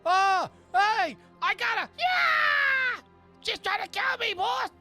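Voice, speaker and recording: A man's voice: very high-pitched, expressive, slow pace, pushed and bright, faint music behind, pitched above the performer's own voice, exaggerated voice. A man voicing a panicky, stammering male goblin guard in a tabletop game. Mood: panicked. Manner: shrieking, stammering.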